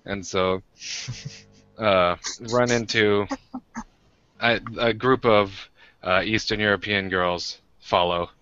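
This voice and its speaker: A man's voice: fairly low pitch, fairly even intonation, slow pace, pauses often, pushed and bright, clean tone, dry recording, dull audio. An American man co-hosting a podcast, telling rambling, self-deprecating stories in casual chat with many restarts. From United States. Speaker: podcast co-host.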